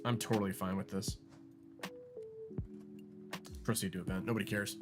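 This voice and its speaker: A man streams a golf video game, rambling and joking as he thinks aloud with lots of fillers in casual commentary. His voice sits low and steady at a moderate pace, with game music playing behind him.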